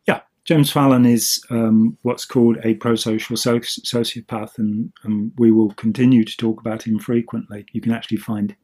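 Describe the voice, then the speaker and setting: Male co-host, husky voice, loose rambling explainer, casual chat. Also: mid-range voice, flat delivery, moderate pace, few pauses, dark tone. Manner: rambling, with many ums and restarts. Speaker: podcast co-host.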